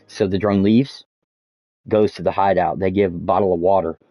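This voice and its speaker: Deep-voiced man rambling a story. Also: fairly even intonation, moderate pace, no room sound. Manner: rambling, many fillers and restarts, swears often. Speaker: streamer. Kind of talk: casual storytelling while gaming. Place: home streaming setup. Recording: dull dry lo-fi mic.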